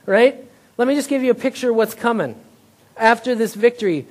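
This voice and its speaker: A male pastor with a very high-pitched voice preaches a conversational sermon at a slightly fast clip. He keeps asking "right?" and pokes fun at himself.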